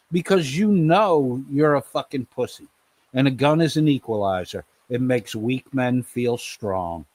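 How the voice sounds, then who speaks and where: A man's voice: medium pitch, dry recording. Profane ranting male stream host. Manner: profane, scolding, repeats the other's name. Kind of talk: heated live-stream rant.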